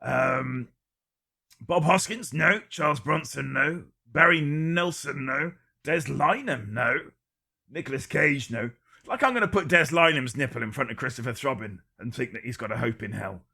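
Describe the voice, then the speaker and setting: A man with a gravelly, slightly husky voice runs a casual live-stream quiz. His tone is bright and forward, and his joking stays dry and deadpan as he rattles off one guess after another. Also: mid-range voice, moderate pace. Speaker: livestream quiz host.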